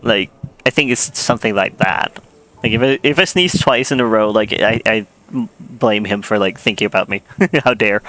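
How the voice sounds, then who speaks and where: A man's voice: on the low side, moderate pace, sharp tone. A man streaming a game, chatting casually with a giggly, rambling manner. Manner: chatty, giggly, many likes. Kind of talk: casual gameplay commentary.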